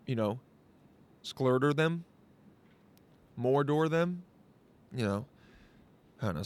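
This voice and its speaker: A man hosting his own show, talking outdoors in a rambling, jokey, self-interrupting monologue. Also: mid-range voice. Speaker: podcast host. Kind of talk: casual vlog monologue.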